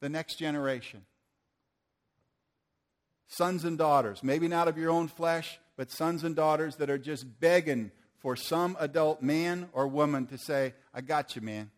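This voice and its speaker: A man's voice: a little high, unhurried. An older man preaching a sermon to a church audience, earnest and asking the room questions.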